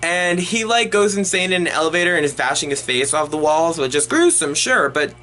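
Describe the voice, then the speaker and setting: A man's voice: fairly high pitch, animated, fairly quick, bright, forceful tone. A young man giving an unedited movie review in a rambling, exasperated and profane rant, full of restarts.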